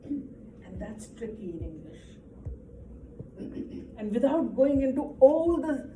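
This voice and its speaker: A woman's voice: a little high, very animated, slow, pauses often, mellow. A woman teaching an English grammar lesson to a class, explaining patiently and often checking with "right?". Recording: echoey room, distant mic, faint noise.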